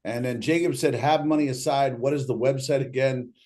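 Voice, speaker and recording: A man's voice: medium pitch, fairly even intonation, a little fast, a little mellow. A man hosting a casual livestream Q&A, reading out audience questions and joking between them. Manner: loose, joking, reads questions aloud.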